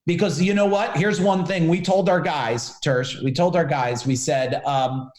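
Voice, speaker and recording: A man in his forties tells stories as a guest on a casual podcast, lively and direct with the host. His voice sits high for a man. The room around him echoes noticeably. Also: a little slow. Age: 40s. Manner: animated storyteller, addresses the host by name. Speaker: business coach guest. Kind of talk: casual podcast interview storytelling. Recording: roomy echo.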